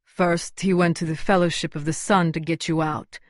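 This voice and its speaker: A woman narrating a first-person audiobook in an even, measured way. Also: on the low side, no room sound, studio quality.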